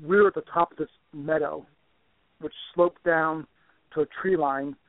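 An older man telling a long story as a guest on a talk show, animated and often restarting his words. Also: a little high, normal speed, no room sound. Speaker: guest researcher. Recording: tinny dry phone line.

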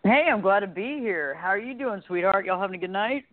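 A woman's voice: mid-range voice, expressive, a little fast. A middle-aged woman with a light Southern, Texas-drawl accent, chatting as a guest and telling rambling stories. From Southern United States. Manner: chatty, laughing, rambling storyteller. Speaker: guest, talk show host and life coach. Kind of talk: casual interview chat. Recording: tinny phone line.

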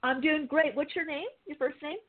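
Woman, radio host, animated storyteller, tinny phone-like sound. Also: high voice, normal speed. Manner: animated storytelling, acts out quoted voices. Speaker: radio show host, mystic healer. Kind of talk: call-in radio talk.

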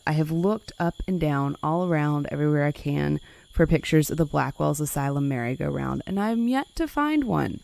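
A woman's voice: sits low, vocal fry, mellow. A woman hosting a conversational history podcast, reading passages aloud dramatically and adding wry asides. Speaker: podcast host.

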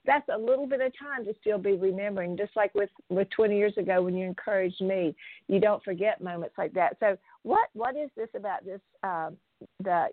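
A woman hosting an interview, prompting her guest and listening closely. The sound is dry and narrow, like a phone call. Her pitch sits in the middle. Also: no room sound. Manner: attentive, prompting with soft acknowledgments. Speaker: host.

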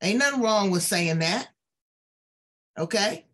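A woman host who breaks in to lecture parents in a blunt, emphatic way, with a husky voice. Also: mid-range voice, animated, measured pace, fairly bright tone. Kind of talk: preachy direct address.

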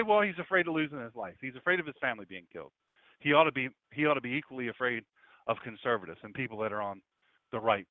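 A fiery pastor preaches in a high, animated voice that rises and falls widely. The sound is tinny and phone-like, as on a radio broadcast, and very dry. He drives his points home with emphatic repetition. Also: no echo. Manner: emphatic preaching, mimics doubters in quoted voices. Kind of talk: fiery political sermon.

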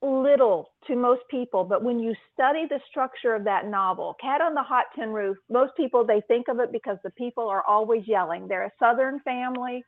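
A woman co-hosting a writing podcast who talks casually and retells story scenes with lively emphasis. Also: a little high, brisk, few pauses, dry recording. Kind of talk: casual chat. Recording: tinny phone-line sound, dry.

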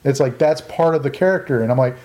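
A man's voice: medium pitch, fast talker, darkish tone. A man co-hosting a casual chat, giving wry, firm opinions.

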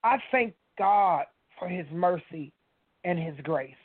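A woman's voice: lowish voice, expressive, slow, breathy edge. A woman shares a personal faith story on a radio talk show in an earnest, storytelling way, often turning to the listeners. Her voice comes through a tinny, phone-like line. The sound is dry, with no room echo. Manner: earnest, storytelling, addresses listeners as you guys. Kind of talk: casual faith testimony.

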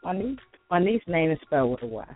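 A woman's voice: lowish voice, very animated, quick pace, dry recording, faint music behind. A woman from Jamaica, co-hosting a talk show and defending her point with insistence. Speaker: co-host. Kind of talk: casual joking banter. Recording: tinny phone-quality line.

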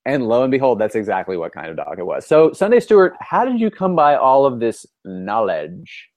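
A man's voice: medium pitch, sing-song, brisk, darkish tone, no echo. A man co-hosting a podcast in a casual chat, spinning stories with wry, mock-argumentative humor. His voice sits in an ordinary middle range and comes across dry and close, with no room sound around it. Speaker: podcast co-host.

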